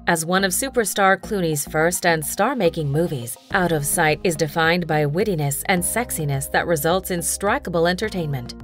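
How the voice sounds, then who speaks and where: Woman narrating a movie countdown. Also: fairly low pitch. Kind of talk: scripted narration. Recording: soft music behind.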